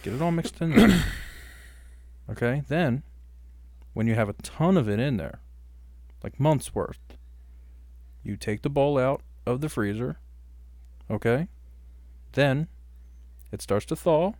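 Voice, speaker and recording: A man's voice: mid-range voice, lively intonation, slow, pauses often, darkish tone, no echo. A man co-hosting a podcast in crude comedic banter, teasing his co-host and swearing often.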